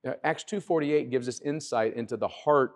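A man's voice: mid-range voice, moderate pace, big-room sound. A male pastor preaching a sermon in a conversational way, with asides to the congregation and frequent restarts. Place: church sanctuary.

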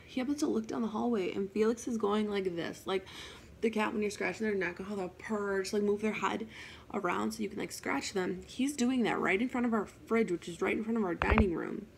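A young woman casually telling a personal ghost story in a chatty, animated way, with asides and swearing. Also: mid-range voice, a little fast, vocal fry, background noise.

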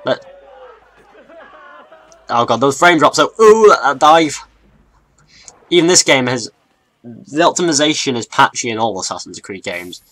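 Young male gaming YouTuber, mixed English accent, rambling and excitable commentary. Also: medium pitch, measured pace, long pauses. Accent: mixed northern and southern English. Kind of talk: let's play commentary.

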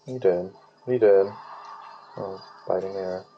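A man's voice: sits low, fairly even intonation, moderate pace, muffled recording. A man giving casual gaming commentary while he plays, rambling, swearing freely and humming nonsense tunes. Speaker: let's play gamer.

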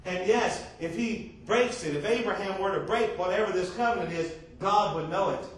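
A man's voice: sits high, moderate pace. A man preaching a sermon as pastor, drawing call-and-response with repeated questions to the congregation. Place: church sanctuary. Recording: echoey church room from far off.

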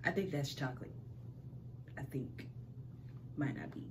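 A woman's voice: very deep voice, a little slow, a little hiss or hum. A woman hosting a casual home vlog, talking in playful, slangy banter. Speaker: vlogger host. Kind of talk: casual chat.

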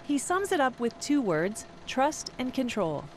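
A narrator reading a scripted documentary voice-over in an even, measured way between interview clips. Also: sits high, a little hiss or hum. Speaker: program narrator.

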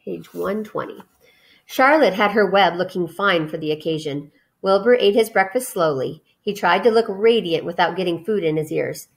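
A woman's voice: fairly low pitch, normal speed. Woman reading a children's novel aloud. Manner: expressive, with small slips and restarts. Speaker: reader.

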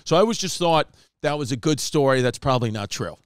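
A man from New York, a comedian hosting a podcast, telling stories in casual chat and jumping up in pitch for quoted voices. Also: expressive, fast, clean tone, no echo, clean studio sound.

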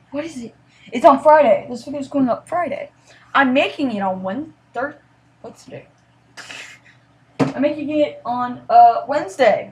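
A woman with a somewhat high voice talks casually over her gameplay. She rambles and apologizes, her words dropping to near mutters when she concentrates before jumping back up in sudden excited outbursts. A faint hiss of noise sits under the voice. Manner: rambling and apologetic, drops to quiet mutters while focused. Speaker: gaming commentator.

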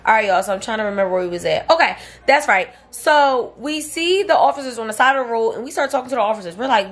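A woman's voice: a little high, animated, quick pace, hardly any pauses. A young woman telling a long, rambling story to camera in a casual vlog, leaning hard on fillers. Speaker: vlogger.

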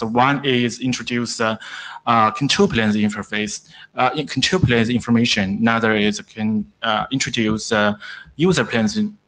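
A man, not an English speaker, giving a technical presentation at a standards meeting, with many pauses and restarts. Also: mid-range voice, fairly even intonation, a bit bright, rough recording. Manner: halting, frequent "uh", broken grammar. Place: conference room.

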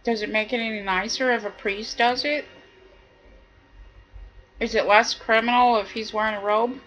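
A woman's voice: a little high, steady tone, moderate pace, fairly bright tone, muffled recording. A woman giving an indignant, preachy monologue, hammering her points with repetition. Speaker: video commentator. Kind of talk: impassioned monologue.

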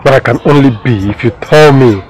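A Nigerian-accented actor playing a proud, lovesick young suitor in a film drama, insistent and boastful. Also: male voice, mid-range voice, a little fast, darkish tone, close to an everyday voice. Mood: pleading. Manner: insistent, pleading then domineering. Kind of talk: Nollywood film acting.

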